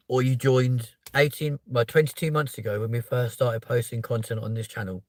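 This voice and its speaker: A man speaking live to his viewers, emotional and close to tears, sighing heavily and stumbling over his words as if overwhelmed. His voice sits at a mid pitch for a man. The sound is dry and close, with no room echo. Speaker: channel host. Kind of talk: live stream talk to viewers.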